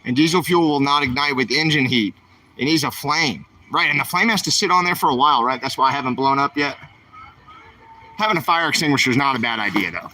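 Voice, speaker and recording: A man's voice: medium pitch, quick pace, bright, forceful tone, a little hiss or hum. A man, streaming while he walks the aisles of a store, chatting and asking his viewers questions. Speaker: vlogger. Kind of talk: livestream vlog while shopping.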